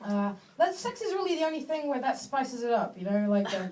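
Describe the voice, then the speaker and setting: A woman from England performing a stand-up comedy set in a small club, speaking in a dry, halting way with lots of fillers and restarts. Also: high voice, sing-song. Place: small club with a live audience. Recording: distant mic, loud crowd laughter. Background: audience laughing.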